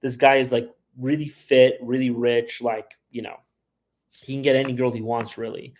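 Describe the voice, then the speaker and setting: A man's voice: medium pitch, level tone, normal speed, a little mellow. A man hosting a travel livestream, answering viewer questions in a loose, rambling way, full of "like" and "you know what I mean". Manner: rambling, frequent "like" and "you know what I mean", puts on voices when quoting people. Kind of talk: casual livestream chat reading viewer questions.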